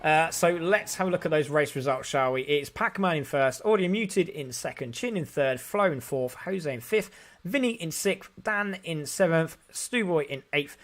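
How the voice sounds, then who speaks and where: Excitable high-voiced race commentator. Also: male voice, normal speed. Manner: excitable, rising with the action. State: voice going hoarse. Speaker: sim racing commentator.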